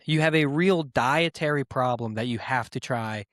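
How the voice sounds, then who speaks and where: A man hosting his own podcast, rambling casually with profanity and self-mocking asides, speaking in quick bursts. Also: mid-range voice, a bit bright, no echo, clean studio sound. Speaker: podcast host.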